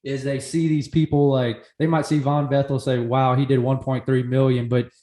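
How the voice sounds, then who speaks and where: A man's voice: mid-range voice, level tone, moderate pace, warm tone. A man hosting a podcast, talking casually and earnestly to his guest. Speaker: podcast host. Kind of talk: casual interview.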